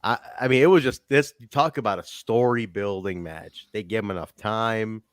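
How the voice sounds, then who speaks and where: A man co-hosting a casual podcast that reviews wrestling shows. He talks in an animated way, swears freely and acts out quotes. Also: fairly low pitch, moderate pace, no room sound, clean studio sound. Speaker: podcast co-host.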